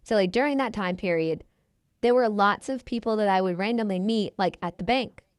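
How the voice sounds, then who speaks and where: She speaks fairly quickly at a medium pitch with a clean tone, in a dry, studio-quality recording. A woman in her twenties on a podcast, she tells her story in a chatty, casual manner, quoting people in their own voices.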